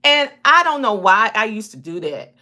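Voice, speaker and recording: A woman with a Southern twang talks casually on her live stream. Her voice is bright and forward, and she keeps the chat lively and personal, calling out to viewers as they come in. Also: mid-range voice, normal speed. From South Carolina. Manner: lively, chatty, greets viewers by name.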